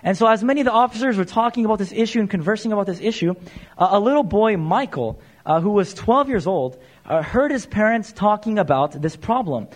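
A man's voice: high-pitched, animated, fairly quick. A young man preaching a sermon, telling stories to the congregation with frequent "uh" fillers and calling them "you guys". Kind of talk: sermon storytelling.

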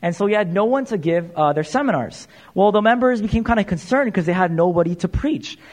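High-voiced young man preaching. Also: lively intonation, brisk, a little mellow. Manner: frequent "uh" fillers, addresses listeners as "you guys". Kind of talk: sermon storytelling.

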